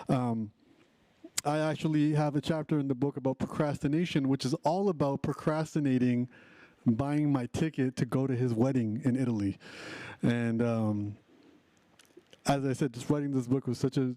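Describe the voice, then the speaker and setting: Male host of a live online talk. Very dark, mellow tone, dry close sound, upbeat and chatty. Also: medium pitch, fairly even intonation, normal speed, dry recording. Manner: upbeat, chatty, with frequent restarts. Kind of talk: casual live hosting.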